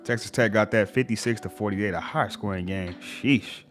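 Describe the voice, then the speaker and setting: Faint soft music runs beneath this fairly low-voiced man as he hosts a casual sports livestream. Easygoing, he goes score after score and reacts to each with brief slangy remarks.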